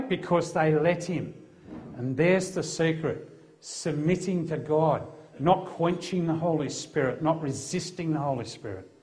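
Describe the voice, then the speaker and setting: A man's voice: on the high side, a little mellow. A middle-aged Australian man, a Christian police officer, telling an emphatic testimony as a preacher. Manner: earnest, emphatic storytelling.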